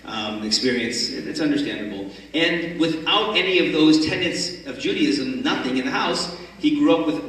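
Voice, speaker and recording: A man giving a storytelling talk at a religious conference, animated and acting out the people in his story. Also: medium pitch. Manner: animated storyteller, acts out the characters. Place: large conference hall. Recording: echoey hall from far off.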